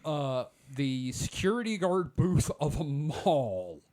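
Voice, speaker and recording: Rambling man with a lively, bouncing voice. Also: a little high, takes it slowly. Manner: rambling storyteller, many "like" fillers. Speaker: podcast host. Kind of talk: casual chat.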